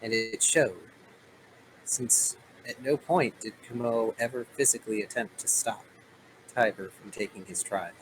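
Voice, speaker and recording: A man's voice: on the low side, moderate pace, slight background noise, poor audio. A man running a tabletop role-playing game, narrating the story dramatically and joking with his players. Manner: storytelling, playful asides. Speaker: game master.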